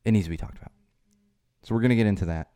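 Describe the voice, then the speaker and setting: A man hosts a solo podcast in a low, mellow voice, recorded dry and close. He rambles, restarts and fills gaps with "uh", then gets more emphatic and raised when he drives a point home. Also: racing, dry recording. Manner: rambling, with frequent restarts and fillers. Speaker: podcast host.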